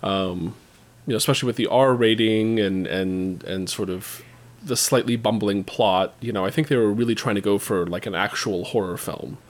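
A man's voice: on the low side, normal speed. A man co-hosting a podcast, giving a film review with dry, wry remarks and lots of hedging fillers. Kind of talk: casual chat.

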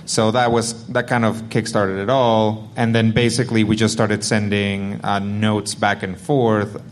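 Rambling low-voiced man on a panel. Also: level tone, measured pace. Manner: rambling, filler-heavy, chuckling. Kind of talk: panel Q&A answer, casual.

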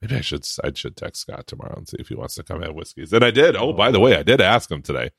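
A man's voice: low-pitched, sing-song, fast, creaky, fairly bright tone, slightly rough, dry recording, clean studio sound. A man co-hosting a podcast in casual chat, sarcastic and joking, laughing often as he talks. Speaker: podcast co-host.

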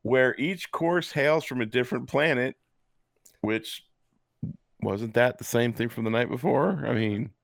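A podcast co-host with a medium-pitched voice and vocal fry reads a text aloud at a measured pace, tossing in sarcastic asides during a casual, joking chat. He has the hiccups throughout.

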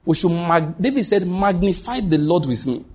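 A man's voice: high voice, lively intonation, normal speed, husky. A man preaching a sermon as pastor, asking the congregation rhetorical questions and answering them.

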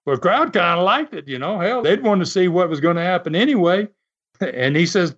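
A man's voice: sits high, animated, fairly quick, fairly bright tone. A man, a former wrestler, telling a story in a folksy, laughing way with many fillers. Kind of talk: casual storytelling. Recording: slightly muffled recording.

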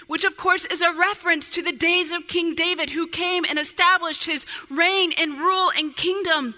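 Her voice very high and sharp, a woman pastor preaches with hardly any pauses at a moderate pace. The sermon is impassioned, climbing to fervent pleas before dropping almost to a whisper, all ringing in a long hall reverb.

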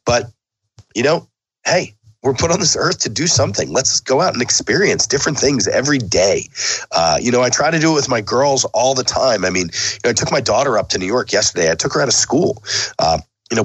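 A man's voice: medium pitch, fairly bright tone, breathy edge, no echo, poor audio. A man hosting a podcast, talking casually and bluntly with some swearing, his voice sick and sniffly. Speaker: podcast host. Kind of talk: casual sign-off monologue.

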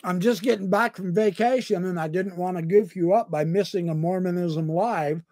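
A man's voice: high-pitched, moderate pace, a little mellow, dry recording, studio quality. A man hosting a live podcast. He is eating while he talks and jokes at his own expense as he reads viewer topic requests. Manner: jokey, self-mocking, talks with his mouth full. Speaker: podcast host.

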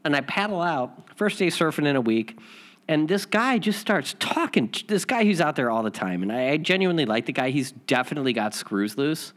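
A man's voice: fairly high pitch, very animated, brisk, a bit bright. A man hosting a spiritual lesson, telling a rambling personal story with many restarts and repeats before reading.

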